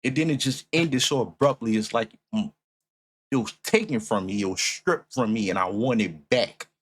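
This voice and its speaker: A man streaming a music reaction, talking casually and swearing often, swinging between loud outrage and low muttering. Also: moderate pace.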